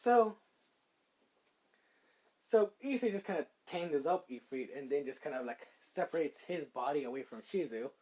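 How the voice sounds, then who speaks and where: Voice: medium pitch, lively intonation, normal speed, mellow, breathy edge, low-quality recording. A fan story narrator improvising a story aloud, rambling with many fillers. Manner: rambling, many likes and ums.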